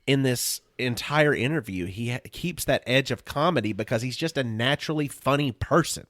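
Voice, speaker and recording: A man's voice: medium pitch, moderate pace, dry recording, studio quality. A man co-hosting a podcast in casual chat, telling stories with lots of laughs. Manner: animated storytelling, laughs often. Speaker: podcast co-host.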